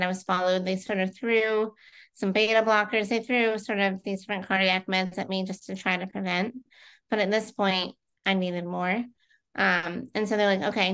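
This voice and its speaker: A woman's voice: medium pitch, a bit bright, smooth. A woman in her thirties, a guest in a casual interview, telling her own story in a chatty way with frequent fillers.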